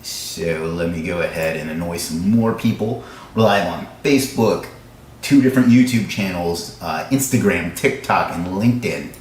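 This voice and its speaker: A man hosting a live stream, chatting casually with viewers in a fast, joking, self-mocking way, in a room with echo. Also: low-pitched, slight background noise. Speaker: livestream host. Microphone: livestream camera setup. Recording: echoey room sound.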